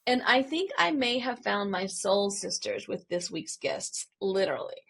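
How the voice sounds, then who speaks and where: A woman's voice: mid-range voice, lively intonation, normal speed, gravelly, slightly rough. A middle-aged woman host from Southern Virginia with a Southern accent, chatting bubbly and laughing often. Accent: Southern American. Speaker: show host. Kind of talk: lively interview chat.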